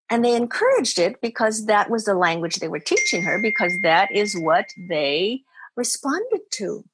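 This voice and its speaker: A woman's voice: mid-range voice, noisy background. A woman spiritual teacher speaking as a podcast guest, earnest and emphatic, often repeating her phrases for stress. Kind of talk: podcast interview.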